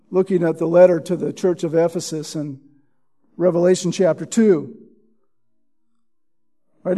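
A man preaching a sermon as pastor, teaching through scripture and sinking to a hushed tone when he quotes. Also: high-pitched.

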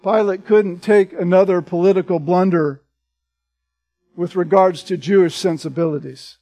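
A man's voice: high-pitched, fairly even intonation, moderate pace, dark tone. A man preaching as a pastor, reading scripture aloud and then explaining it in plain words. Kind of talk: expository sermon.

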